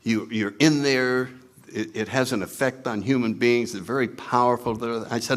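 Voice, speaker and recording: A man's voice: medium pitch, moderate pace. A man speaking at a recovery meeting, telling his story with wry self-mockery and acting out his own past lines. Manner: animated, acts out his own past lines in put-on voices. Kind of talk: storytelling talk to a meeting audience.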